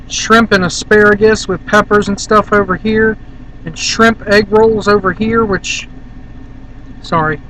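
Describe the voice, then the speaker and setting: A man's voice: sits high, pushed and bright, a little hiss or hum, poor audio. A man from Virginia rambling casually and bluntly to the camera in a vlog, filmed on a handheld camera in a car. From Virginia, USA. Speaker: vlogger.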